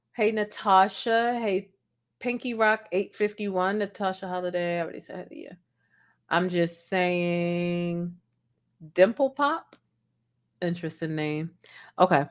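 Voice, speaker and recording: A woman from Baltimore hosting a casual live-stream commentary, sassy and goofy, sleepy from being up before dawn. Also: mid-range voice.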